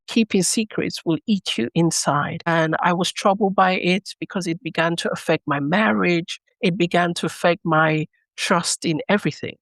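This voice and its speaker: A woman's voice: on the low side, no echo. Earnest woman telling her story. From Sierra Leone. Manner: earnest storytelling that acts out remembered dialogue. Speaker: guest. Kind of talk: personal storytelling in a podcast interview.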